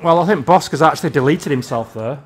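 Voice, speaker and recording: A man's voice: on the high side, fast talker, noisy background. A man ranting in exasperation while commentating his own gameplay. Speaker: gamer.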